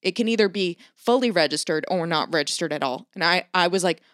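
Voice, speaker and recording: A woman in casual chat who tells a story in an animated way, swears constantly and acts out the people she quotes. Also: on the low side, fairly quick, dry recording, studio quality.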